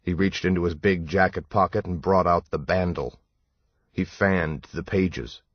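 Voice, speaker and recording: Deep, slow, husky male audiobook narrator. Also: no echo, highs cut off. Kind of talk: scripted narration.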